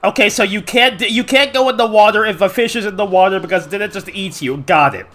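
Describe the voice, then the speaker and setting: A streamer giving live gameplay commentary, excitable and swearing a lot, laughing often. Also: mid-range voice, fast, soft background music.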